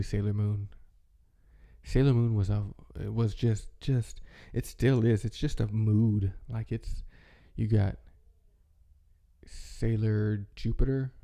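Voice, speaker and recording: Low gravelly man, rambling and nostalgic. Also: warm tone. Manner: rambling, filler-heavy, nostalgic. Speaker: channel host. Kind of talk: relaxed reminiscing monologue.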